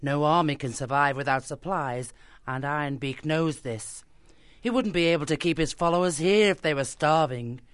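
An actor playing a firm, commanding badger laying out a plan in a full-cast audiobook. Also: male voice, on the high side, normal speed, fairly bright tone, clear, resonant tone, no echo, lightly acted.

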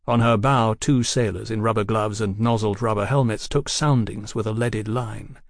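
A man narrating an audiobook in an even, unhurried way. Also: on the low side, creaky, no room sound, studio quality. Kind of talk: scripted narration.

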